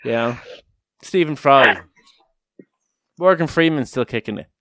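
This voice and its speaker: A man's voice: medium pitch, lively intonation, unhurried, fairly bright tone, dry recording, clean studio sound. A man co-hosting a casual podcast chat, joking, rambling and swearing freely. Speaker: podcast co-host.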